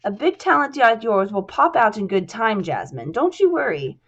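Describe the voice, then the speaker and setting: A woman doing a smooth, authoritative businessman. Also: fairly high pitch, very animated, moderate pace, fairly bright tone, highs cut off, exaggerated voice. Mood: persuasive.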